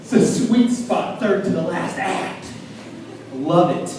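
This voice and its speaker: A man from small-town Maine doing a loud, self-deprecating stand-up set on a club stage, yelling his punchlines. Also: high-pitched, lively intonation, takes it slowly. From small town in Maine, USA. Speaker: stand-up comedian. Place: comedy club stage in a large room. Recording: echoey club room from far off, audience crowd.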